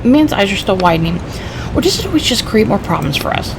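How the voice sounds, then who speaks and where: A woman's voice: medium pitch, fast talker, gravelly. Woman voicing a sarcastic game sidekick. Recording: steady background noise.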